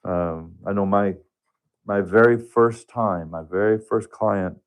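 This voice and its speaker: A man telling a personal story as a guest on a radio talk show, earnest and halting, often restarting his sentences. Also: lowish voice. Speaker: radio guest, hospice touch therapist.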